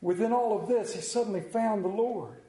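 A man preaching a sermon in a church, pausing for effect and dropping to a hushed voice on key words. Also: sits high. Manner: dramatic pauses, drops to a hushed voice on key words. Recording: echoey room.

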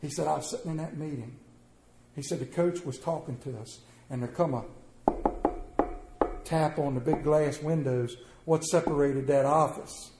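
A man preaching a sermon, telling stories and swinging between quiet and loud delivery. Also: on the high side, fairly even intonation, normal speed, very noisy. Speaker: pastor. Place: church sanctuary. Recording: roomy church echo.

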